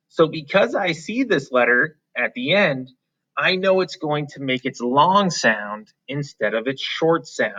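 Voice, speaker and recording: A man teaching a phonics lesson to young children, patient and encouraging, drawing out letter sounds slowly and clearly. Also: fairly high pitch, a bit bright. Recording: slightly dull, lo-fi.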